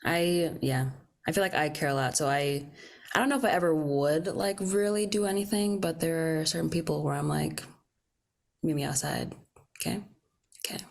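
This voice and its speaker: Woman on a podcast, kinda low voice, just chatting honestly. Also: normal speed, gravelly. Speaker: podcast co-host. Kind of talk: casual chat.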